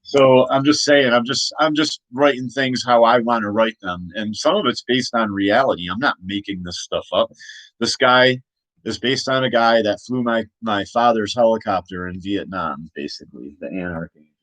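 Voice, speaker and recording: A man's voice: lowish voice, normal speed, a bit bright, no room sound, poor audio. A man talking casually about his own comic, rambling with many restarts and laughs. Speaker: comic creator.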